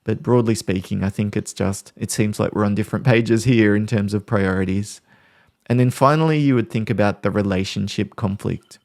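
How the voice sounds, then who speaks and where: Podcast host guy, lowish gravelly voice, calm and explaining things, dry close mic. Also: moderate pace, no room sound. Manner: calm, explanatory, talks through examples. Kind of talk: podcast talk on parenting conflict.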